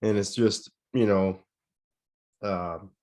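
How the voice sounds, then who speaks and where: A man with an Upper Peninsula Michigan accent talking casually about his work on a podcast. He speaks in a fairly low voice with some hesitant fillers. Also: steady tone, slow pace, darkish tone. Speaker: podcast co-host. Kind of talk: casual chat.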